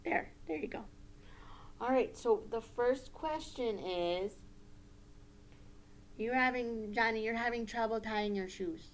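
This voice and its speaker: A woman teacher running a puppet lesson for young children, gentle and coaching. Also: a little high, takes it slowly, pauses often, a little hiss or hum.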